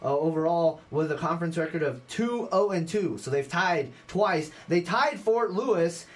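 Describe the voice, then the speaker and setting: A young man with a fairly high voice hosts a college radio sports hour. He talks in a loose, chatty way and reels off scores and stats, stumbling over restarts and fillers as he goes. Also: expressive, normal speed. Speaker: sports radio show host.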